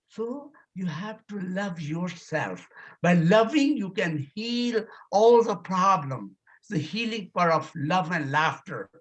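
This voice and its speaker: Man, laughter yoga teacher, lively swooping voice, slow delivery, loud laughs and high cries, video call.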